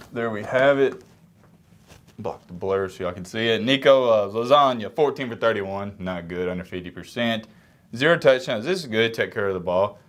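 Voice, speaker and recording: Sick young man doing sports reaction. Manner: low-energy, apologetic, drifting away from the mic at times. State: sick, congested. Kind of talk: casual sports commentary to camera.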